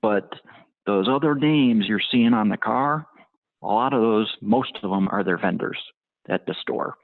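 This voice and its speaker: A man's voice: lowish voice, a little slow, dry recording. A man giving business interview answers in a hesitant way, with many ums and restarts. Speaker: tire brand motorsport marketing guest. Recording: tinny phone-like line, dry.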